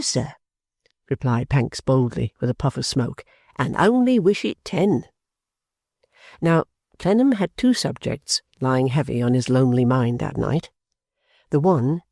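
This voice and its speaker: A man narrates a classic novel in a steady, even voice. His tone is warm and mellow. He is recorded close on a studio mic, with a dry sound and no room echo. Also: mid-range voice. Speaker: audiobook narrator. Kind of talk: scripted narration.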